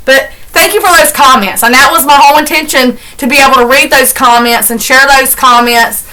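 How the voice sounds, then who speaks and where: A woman's voice: on the high side, sharp tone, poor audio. A middle-aged woman, chatting in a heartfelt, rambling, folksy way as she does chores for her vlog. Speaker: vlogger. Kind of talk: casual chat while doing chores.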